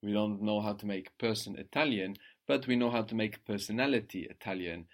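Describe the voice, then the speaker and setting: A man's voice: fairly low pitch, fairly quick. A man teaching a guided language lesson, patient and encouraging, explaining each step and prompting his student.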